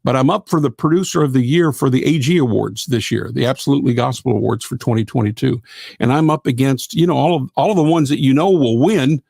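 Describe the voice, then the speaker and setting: A man's voice: medium pitch, fast, gravelly, a little mellow, no room sound. A middle-aged man, hosting a live gospel radio show in a folksy, rambling way with lots of fillers. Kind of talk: casual live-stream chat.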